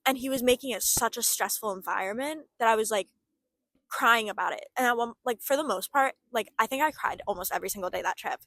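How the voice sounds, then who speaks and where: A woman's voice: on the high side, fast, fairly bright tone, no echo. Young woman talking things through. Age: young adult. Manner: reflective, many "like" fillers. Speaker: podcast co-host. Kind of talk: casual chat.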